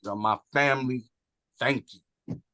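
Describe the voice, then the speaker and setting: A man, talking casually and earnestly as a guest, animated and swearing now and then. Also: medium pitch, a little slow, no room sound. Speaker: guest on a wrestling talk show. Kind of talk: casual heartfelt chat.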